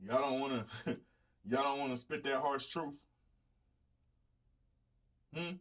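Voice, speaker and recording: A man's voice: medium pitch, slow, fairly bright tone. A man, hosting his own show and lecturing viewers bluntly in casual live-stream talk. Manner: blunt, preachy, talks straight to viewers. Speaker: show host.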